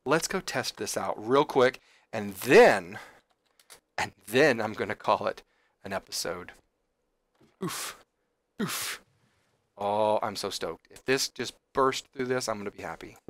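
A man hosting a gaming channel, chatting casually as he plays, excitable and chatty, often exclaiming. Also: fairly low pitch, unhurried, no echo. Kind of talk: casual game commentary.

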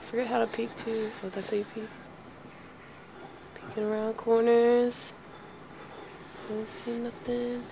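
Gravelly-voiced woman muttering through a game. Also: on the high side, level tone, unhurried, long pauses, background noise. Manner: nervous, muttering and swearing to herself. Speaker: let's play gamer. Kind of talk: horror game let's play commentary.

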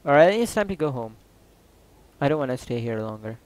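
Excitable man narrating his gameplay. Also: medium pitch, brisk, long pauses, slight background noise, poor audio. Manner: excitable, loud outbursts, swears and jokes. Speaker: gaming YouTuber. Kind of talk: casual gameplay commentary.

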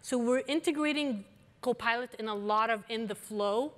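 A woman's voice: a little high, normal speed. A woman giving an eager, enthusiastic demo on a conference stage. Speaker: presenter. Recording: long hall reverb.

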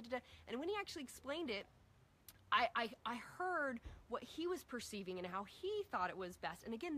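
Energetic woman coaching on parenting. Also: on the high side. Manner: energetic, acts out dialogue with her kids. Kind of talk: coaching talk to a group.

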